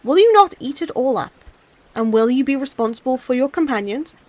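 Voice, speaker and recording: A woman's voice: high voice, animated, brisk, darkish tone, dry recording. A woman voicing a stubborn, hot-tempered old peasant who scolds and grumbles in a storybook reading. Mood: bargaining.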